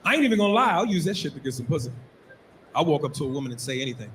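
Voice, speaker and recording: A man's voice: on the high side, sing-song, very fast, fairly bright tone, a little hiss or hum. A man on a podcast panel, riffing brash crude jokes in casual chat.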